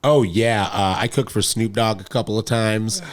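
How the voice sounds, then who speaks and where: A man's voice: on the low side, fairly even intonation, moderate pace. A man in his thirties from Detroit, a chef and podcast guest, chatting casually with frequent laughs and restarted sentences. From Detroit, USA. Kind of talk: casual chat.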